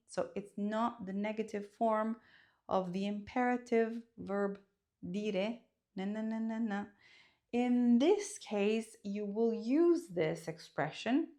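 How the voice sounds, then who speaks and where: An Italian woman teaching her language online, speaking with a clear Italian accent. Her voice swings widely up and down as she acts out how each phrase should sound. She takes her time, spelling things out at an unhurried pace. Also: mid-range voice. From Italy. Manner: expressive, emphatic, demonstrates intonation.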